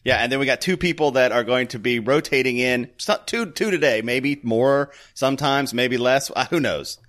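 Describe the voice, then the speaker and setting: A man's voice: mid-range voice, normal speed, fairly bright tone. A man co-hosting a podcast in casual chat, joking and laughing often. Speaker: podcast co-host.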